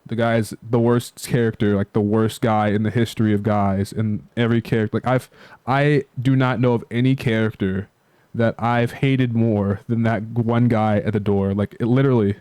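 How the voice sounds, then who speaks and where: A man with a fairly low, smooth voice rambles through a casual chat and leans on fillers. He swears offhandedly. The sound is dry and close. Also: fairly even intonation, moderate pace, darkish tone, no echo. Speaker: channel host.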